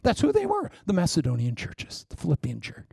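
A man preaching a sermon with wry, self-mocking humor, swinging from loud emphasis down to hushed asides. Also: on the high side, huge pitch swings, a little fast, creaky, slightly rough, dry recording, clean studio sound. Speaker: pastor.

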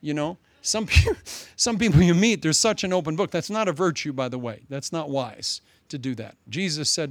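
A male pastor preaching a sermon, telling a story with lively, humorous asides. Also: a little high, normal speed, no echo.

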